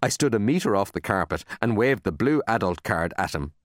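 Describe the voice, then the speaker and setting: A man reads a children's storybook aloud with a deep, low voice. His delivery is expressive and animated, swinging widely in pitch, and the recording is dry and close with no room sound. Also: moderate pace, no echo. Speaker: audiobook narrator. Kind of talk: storybook narration.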